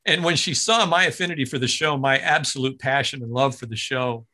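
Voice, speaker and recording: Guy from ohio telling a story, real bright sound, throws himself into every voice he quotes. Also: mid-range voice, fairly quick. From Ohio, USA. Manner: lively, acts out other people's lines in big voices. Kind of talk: animated storytelling in casual chat.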